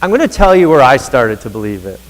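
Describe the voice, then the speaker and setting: A man's voice: mid-range voice, very animated, quick pace, long reverb tail, rough recording. A man in his thirties giving a motivational talk to teachers on a stage, speaking earnestly and addressing the audience directly. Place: stage in a large hall.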